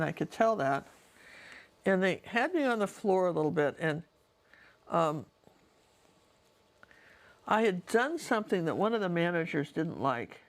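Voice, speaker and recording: This is a middle-aged woman with a fairly low voice who paints while she tells stories. She talks in a casual, digressive way, speaking straight to the viewer like a friend. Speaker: painter and storyteller.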